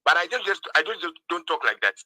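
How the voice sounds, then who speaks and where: Man debater, sharp-toned and fast, deflects with questions; dry recording. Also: a little high, very animated, dry recording, low-quality recording. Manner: defensive, answers with counter-questions. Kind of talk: heated religious debate.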